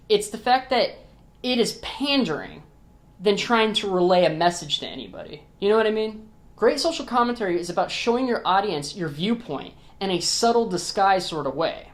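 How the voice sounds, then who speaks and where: A man sounds off about a film he disliked in a loose, conversational rant. His talk is blunt and sprinkled with profanity, and he trips over and restarts his words. He keeps reaching for his viewers with "like" and "you know what I mean". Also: high-pitched. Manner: restarts and repeats words often. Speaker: film reviewer on his own channel. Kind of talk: casual opinion rant to camera.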